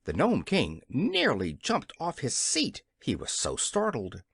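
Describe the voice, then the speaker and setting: Audiobook narrator, very animated pitch, dry close sound, scripted storybook reading. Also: a little slow, vocal fry, husky, no echo.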